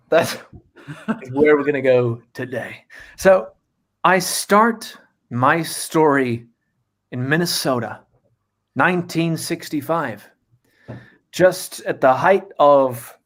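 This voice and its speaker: A man narrating an improvised comedy story in a mock-grand, deliberate way. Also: medium pitch, a bit bright.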